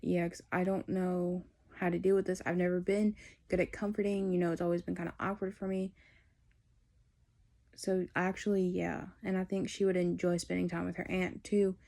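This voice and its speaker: Flat-voiced young woman telling a story. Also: lowish voice. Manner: candid, rambling, heartfelt. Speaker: vlogger. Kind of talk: personal storytelling.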